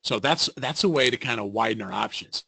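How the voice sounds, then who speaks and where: A middle-aged man presenting a webinar in a lively, storytelling way, acting out the voices of people he quotes. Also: mid-range voice, fairly quick, vocal fry, husky, dry recording. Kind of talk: interactive webinar talk.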